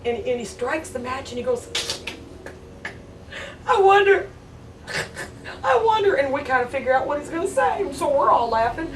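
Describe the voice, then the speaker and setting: High-voiced woman telling lively stories. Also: fairly quick, few pauses, background noise. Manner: animated, laughs through her stories. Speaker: family member telling stories. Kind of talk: casual storytelling. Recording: roomy sound, distant mic.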